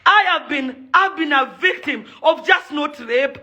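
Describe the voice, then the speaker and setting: In a furious video rant, a young Kenyan socialite and event organizer hammers her points again and again. Her voice sits high and sounds sharp and animated, with a measured pace.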